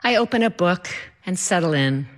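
A woman telling a personal story with animated, comic timing. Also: on the low side, moderate pace.

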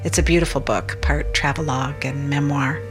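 Low-voiced woman narrating a show introduction. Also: a little fast. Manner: polished, even introduction. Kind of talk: scripted narration. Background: music.

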